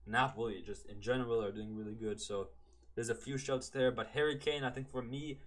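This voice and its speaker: A man talks football on his solo podcast in a loose, rambling way. His voice sits at an average male pitch. He keeps second-guessing himself and drops "man" into nearly every thought. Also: fairly even intonation, fairly quick. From Canada. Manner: rambling, self-correcting, keeps saying "man". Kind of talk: casual solo podcast chat.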